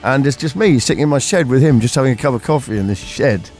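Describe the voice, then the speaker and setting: A man's voice: mid-range voice, expressive, fast, darkish tone, faint music behind. A man hosting a radio show, telling rambling anecdotes in casual chat. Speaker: radio host.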